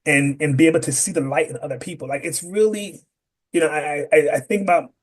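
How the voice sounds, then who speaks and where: A man's voice: on the high side, fairly quick, breathy edge. A man from upstate New York, a guest on an interview podcast, who talks with energy and acts out the people he quotes. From Rochester, New York. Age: adult parent. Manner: animated, acts out quoted dialogue. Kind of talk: conversational interview.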